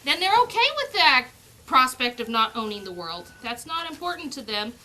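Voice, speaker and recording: A woman's voice: high-pitched, very animated, normal speed, bright, forceful tone. A woman breeder chatting casually outdoors about raising puppies, slipping into sing-song baby talk with the pups as she handles them. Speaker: dog breeder. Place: outdoors on a farm.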